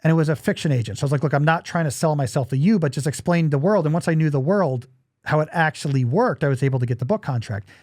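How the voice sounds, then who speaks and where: A man's voice: on the high side, quick pace, darkish tone, no room sound, studio quality. A man hosting a podcast in casual chat, joking and rambling, while losing his voice. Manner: joking, self-deprecating, rambling asides. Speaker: podcast host.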